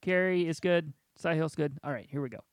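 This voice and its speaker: A man's voice: a little high, fairly quick, dry recording, studio quality. A man hosting a casual podcast game among friends, laughing often as he sets up the rounds. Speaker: podcast host running a movie game.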